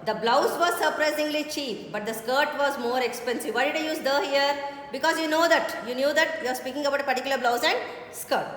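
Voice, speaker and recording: High-voiced teacher, echoey hall. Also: female voice, fairly bright tone. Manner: explains step by step, often checking with "okay?" and "ma". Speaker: English teacher. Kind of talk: classroom grammar lesson. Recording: very echoey hall with faint background noise.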